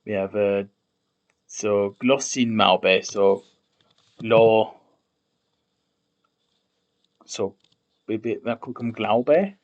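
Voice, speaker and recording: Slow, low-voiced man thinking aloud. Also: lo-fi sound. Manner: muttering, trailing off, repeating words to try them out. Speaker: conlang streamer. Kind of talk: thinking aloud while typing.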